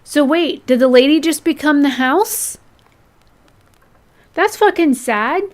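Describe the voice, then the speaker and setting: A woman streaming a video game, reacting excitedly and swearing freely. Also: high voice, slow pace. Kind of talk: casual game stream commentary.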